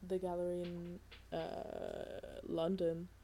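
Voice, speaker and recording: Laid-back young woman, swearing, low voice. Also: monotone, slow pace, warm tone, a little hiss or hum. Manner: laid-back, swears a lot, many fillers. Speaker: podcast co-host. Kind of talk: casual chat.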